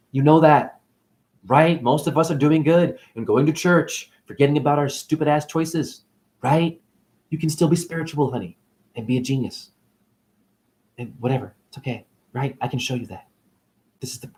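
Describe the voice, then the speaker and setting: A man giving a rambling, profane spiritual monologue that swings between loud ranting and low murmurs. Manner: profane, jokey. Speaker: spiritual talk host.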